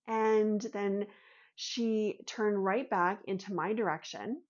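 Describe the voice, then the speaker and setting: Woman vlogger, earnest storyteller, mid-pitched voice, slightly dull lo-fi recording. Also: slow, a little mellow. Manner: earnest, voices her own inner thoughts. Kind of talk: personal storytelling and teaching.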